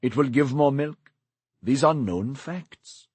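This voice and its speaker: Scheming old grandmother figure in an audiobook, coaxing and bossy, read by a man; husky, animated delivery. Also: medium pitch, slow, no echo, pitched above the performer's own voice.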